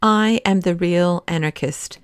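A woman's voice: lowish voice, a little slow, smooth, no room sound, clean studio sound, natural voice. A woman reading the part of a bitter, defiant male anarchist in an audiobook, restrained at first and then fiercely accusing.

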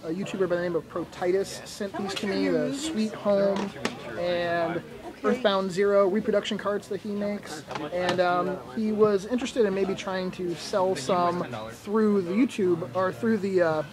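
A man with a fairly high voice chats casually and jokes as he hosts a vlog, laughing often. A thick crowd murmur fills the background of the busy market hall. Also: fairly even intonation, moderate pace. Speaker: vlogger host. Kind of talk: casual chat. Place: flea market booth. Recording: noisy crowded flea market. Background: busy crowd and music.

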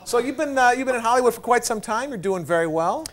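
A man hosting a comedy talk show in a TV studio, playful and energetic, shouting to the crowd at times. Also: very high-pitched, fast. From Italian-American. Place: TV studio with live audience. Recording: TV studio with loud audience and noise.

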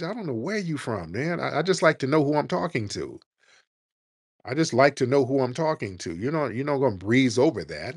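Brief: male talk-radio host, blunt and confrontational, lively delivery, dry booth sound. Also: on the high side, dry recording. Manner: blunt, mocking, profane.

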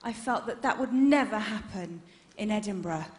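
A woman performing a stand-up comedy set, telling animated stories and punching up the jokes. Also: medium pitch, moderate pace. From England. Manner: animated storytelling, loud bursts for punchlines. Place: comedy venue stage. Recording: roomy live venue sound.

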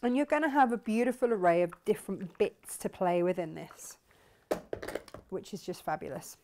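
Against a noisy background, a woman hosting a craft shop's live sewing demo chats with enthusiasm and thinks out loud as she sews. Her voice is mid-range and her pace moderate.

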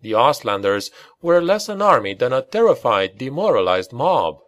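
A man narrating a dark fantasy audiobook in a grave, dramatic storytelling manner. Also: medium pitch, sing-song, normal speed.

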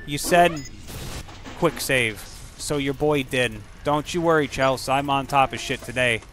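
A man giving casual let's-play commentary over a video game, excitable and profane, breaking into silly rhymes and sound effects. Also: mid-range voice, measured pace, background noise. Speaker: gaming channel host.

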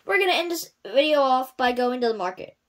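Playful woman with a lively voice. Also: high-pitched, a little fast. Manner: playful, exclaims and cries out at the game. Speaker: gamer playing and commenting. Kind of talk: casual gameplay commentary.

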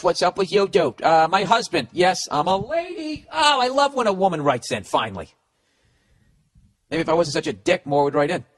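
A man's voice: fairly high pitch, no room sound. A man hosting a podcast, reading listener letters and giving blunt, profane advice in a casual, ranting monologue.

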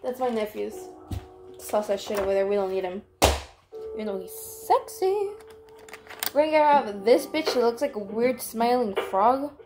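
A young adult woman chatting casually in a crafting vlog, excitable, rambling and swearing freely. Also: on the high side, moderate pace, over music. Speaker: vlogger.

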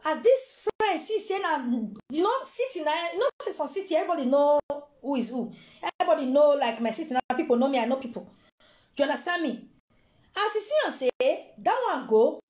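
A woman with a high voice and a Nigerian Pidgin accent tells a true-life story in a lively, casual way. She repeats herself as she goes and acts out the voices of the people in the story. Her voice rings with a roomy echo. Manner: animated, repetitive, acts out quoted voices. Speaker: storyteller vlogger.

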